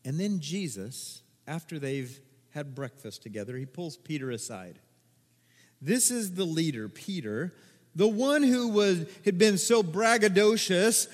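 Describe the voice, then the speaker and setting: A male pastor preaching a sermon, moving from loud, emphatic bursts to quiet, low asides. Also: big pitch swings, unhurried, long reverb tail. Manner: dynamic, swings between loud emphatic and quiet. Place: church sanctuary.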